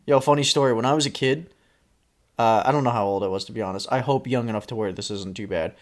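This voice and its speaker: A man hosting a casual drinks-and-chat podcast, teasing his co-host and wandering through loose, rambling stories with plenty of swearing. His voice sits at an ordinary middle pitch. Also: quick pace.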